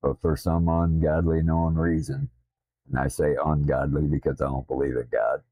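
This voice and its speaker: A man with a Southern drawl, a streamer talking casually in a blunt, profane, self-deprecating way, his deep voice slightly slurred from missing teeth. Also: little pitch movement, moderate pace, mellow, no room sound. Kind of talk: casual rambling stream talk. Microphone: desktop streaming mic.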